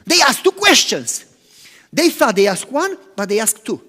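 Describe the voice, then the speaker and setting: Animated preaching man in echoing hall. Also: extremely high pitch, moderate pace. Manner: animated preaching, swings from loud to hushed. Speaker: pastor. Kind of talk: sermon. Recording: long hall reverb.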